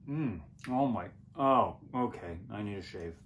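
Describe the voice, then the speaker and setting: A man's voice: lowish voice, animated, measured pace, slight background noise. A man from America playing a freshly regenerated time traveler who mutters and rambles in a daze, in a fan comedy sketch. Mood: dazed grumbling. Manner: dazed, muttering, rambling and self-correcting.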